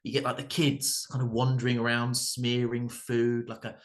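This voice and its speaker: A man, performing a stand-up comedy set in a halting way, with many fillers, restarts and dry asides. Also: mid-range voice, monotone. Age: 30s.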